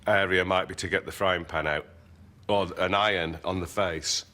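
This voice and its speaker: A man's voice: low-pitched, steady tone, normal speed, sharp tone. A man, a comedian telling dry, rambling anecdotes in a casual interview and chuckling at his own stories. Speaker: comedian guest.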